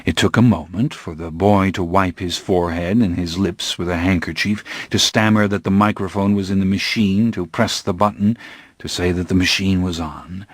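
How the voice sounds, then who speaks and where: A man narrating an audiobook in a measured, even way. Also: low voice, no room sound. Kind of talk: scripted narration.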